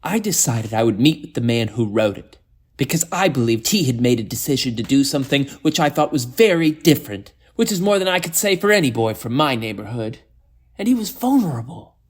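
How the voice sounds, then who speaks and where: A man's voice: medium pitch, very animated, a little fast, slightly rough. A man voicing an earnest, easily offended young woman who answers in a defensive, prim way, in an audio story.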